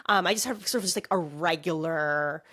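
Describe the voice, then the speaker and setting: A woman guesting on a podcast, raspy from a cold, talking in a wry, playful way. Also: low voice, fairly quick, a bit bright. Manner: wry, playful, laughs easily. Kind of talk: casual chat.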